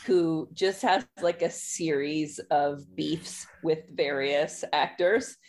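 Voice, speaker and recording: A woman's voice: low-pitched, slow pace. A woman co-hosting a casual podcast chat, playful and laughing often.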